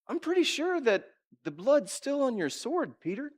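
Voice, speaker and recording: A man voicing an accusing male servant of the high priest, needling and sure of himself. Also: very animated, moderate pace, heavily acted.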